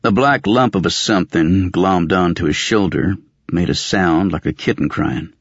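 A man's voice: low voice, normal speed, breathy edge, dry recording, lo-fi sound. A man narrating a fantasy audiobook in the first person, in a dry, wry, world-weary tone.

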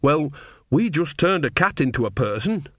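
A man voicing a jolly but bossy old witch woman in a storybook reading, homely and quick to scold. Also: fairly high pitch, big pitch swings, no room sound, studio quality, pitched above the performer's own voice.

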